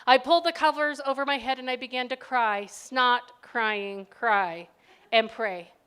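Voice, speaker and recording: An older woman, a grandmother, giving a faith talk built around a personal story, dropping to soft tones and then rising loud and lively. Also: fairly high pitch, measured pace, smooth. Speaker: speaker.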